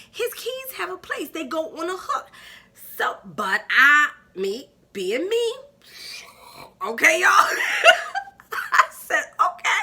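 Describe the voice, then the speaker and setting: A woman in her fifties telling a personal story to her viewers in a casual vlog, animated and laughing often as she talks straight to the audience. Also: sits high. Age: 50s. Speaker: vlogger.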